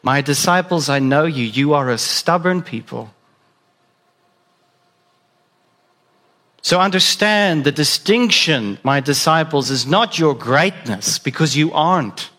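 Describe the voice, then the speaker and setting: A man voicing Jesus as a calm, knowing teacher, speaking slowly and solemnly in a lower voice. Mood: firm.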